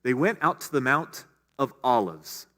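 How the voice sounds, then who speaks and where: A man's voice: medium pitch, big pitch swings, unhurried, bright, forceful tone. A middle-aged male pastor giving a conversational sermon, full of casual asides and restarts. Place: church sanctuary. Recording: long hall reverb.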